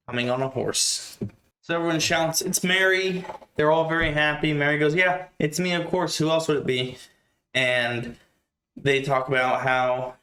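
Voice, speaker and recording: A man retells a novel in his own relaxed, chatty way, adding asides as he goes. His voice sits at a middle pitch. The room is noticeably echoey. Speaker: reader and narrator.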